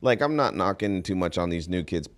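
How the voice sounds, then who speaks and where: A man's voice: low-pitched, lively intonation, fairly quick. A man hosting a casual interview, a supportive listener who chimes in often. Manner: supportive listener with frequent backchannels. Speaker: podcast host.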